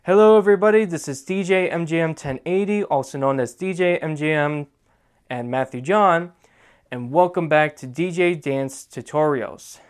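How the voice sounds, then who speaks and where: A man's voice: a little high, clean tone. A young man hosting a dance tutorial, giving step-by-step instructions and checking in with "okay?" after each move. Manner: repeats "okay?" to check in, counts out moves slowly.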